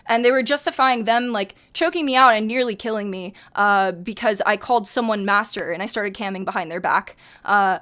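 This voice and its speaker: A woman's voice: mid-range voice, sharp tone. A woman in her twenties venting to her stream chat, heated and emphatic, swearing often. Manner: heated, profane, emphatic ranting.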